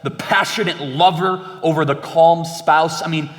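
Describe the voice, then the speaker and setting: A young man in animated conversation, talking emphatically and acting out exchanges he quotes. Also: fairly high pitch, measured pace. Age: young adult. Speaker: guest. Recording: long hall reverb.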